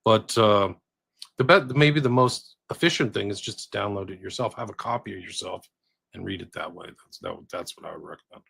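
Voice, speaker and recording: A man's voice: fairly low pitch, brisk, creaky, a bit bright, husky. A man hosting a podcast, chatting casually and giving listeners plain directions. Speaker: podcast host.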